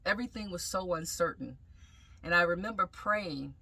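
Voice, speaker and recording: A woman sharing a personal testimony in a reflective, halting way, pausing often as she tells her story. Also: fairly low pitch, vocal fry, bright, forceful tone, breathy edge. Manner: reflective, halting, with frequent pauses and fillers.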